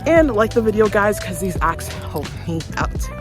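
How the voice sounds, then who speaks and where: A chatty woman vlogs into a phone she holds while out walking her dog. She is slightly out of breath and keeps breaking off to call to the dog. Her pitch sits mid-range for a woman, and faint music plays behind her. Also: sing-song, normal speed. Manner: chatty, talks to her dog between sentences. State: a little out of breath. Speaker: vlogger. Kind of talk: casual vlog chat. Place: outdoors on a dog walk.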